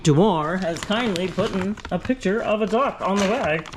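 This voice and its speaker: A woman filming a casual farm vlog, chatting as she sets up a pen and fusses over her ducks and chicks. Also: normal speed. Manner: chatty, talks to her ducks in a high sing-song baby voice. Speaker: farm vlogger. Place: outdoor farm pen with poultry. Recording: clear poultry noise in the background. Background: birds clucking and chirping.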